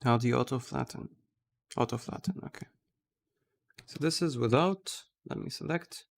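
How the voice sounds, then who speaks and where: A man's voice: mid-range voice, moderate pace, gravelly. A man streaming live, chatting casually as he thinks aloud and gushes over a tool he likes. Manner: thinking aloud, gushing with excitement.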